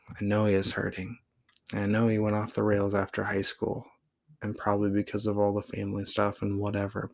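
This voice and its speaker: Podcast host, man, 30s, from Oregon; rambling, profane, casual storytelling with a gravelly low voice. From Oregon, USA. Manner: rambling, fills with "like" constantly, blunt and profane.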